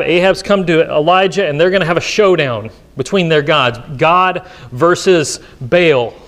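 High-voiced man preaching in a church. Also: a bit bright. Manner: reads scripture aloud then explains it emphatically. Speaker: pastor. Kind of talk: sermon with scripture reading. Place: church sanctuary.

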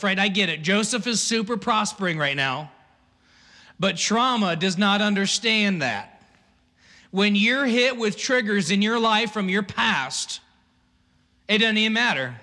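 A man preaching in a lively, chatty way, breaking into asides. His voice sits high and bright. A long reverb trails each phrase, as in a big hall. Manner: animated, conversational preaching with asides and laughs. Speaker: pastor. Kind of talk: sermon.

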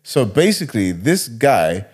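A man's voice: mid-range voice, very animated, a little slow, breathy edge. A man casually retelling a wild story, rambling and slangy.

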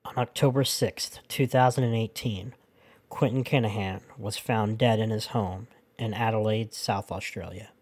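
A man hosting a podcast, reading his narration in a sincere, measured way. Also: lowish voice, fairly even intonation, darkish tone, slightly rough. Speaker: podcast host.

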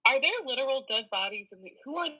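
Very bright, lively woman chiming in. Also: high-pitched, muffled recording. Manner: reactive, chiming in with quick questions and comments. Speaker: co-host. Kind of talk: casual chat.

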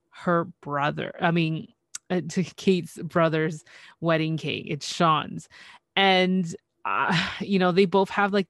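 A speaker with a mid-range voice recaps a TV episode in casual chat, sighing and acting out what the characters said. The delivery is expressive and chatty. The recording is dry, with no room echo. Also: mid-range voice. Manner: expressive, sighs, retells scenes by acting out the characters' lines. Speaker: podcast co-host recapping a TV episode.

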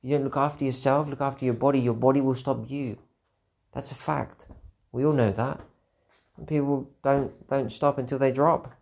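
A tired man hosts a podcast alone in a low, darkish voice. His reflective solo monologue is candid and rambling, with phrases repeated for emphasis.

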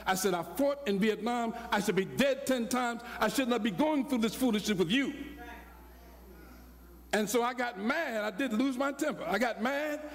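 Older preacher with a high, ringing voice. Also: male voice. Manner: animated preaching, acting out dialogue, rising to shouts. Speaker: pastor. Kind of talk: sermon storytelling. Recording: long hall reverb.

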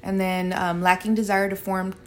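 A woman's voice: medium pitch, little pitch movement, normal speed. A woman hosting a casual podcast chat, reflectively sharing personal stories about her family and relationships. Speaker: podcast host.

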